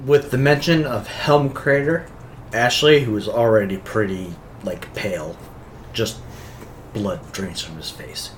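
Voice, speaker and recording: A man's voice: lowish voice, unhurried, slight background noise. Man describing his character's reactions. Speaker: player.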